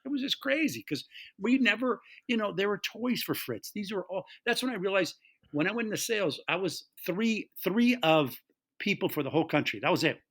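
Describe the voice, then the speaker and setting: A middle-aged man telling a story in casual conversation, animated and acting out the voices of the people he quotes. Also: high-pitched, a little fast, breathy edge. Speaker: guest, taproom owner.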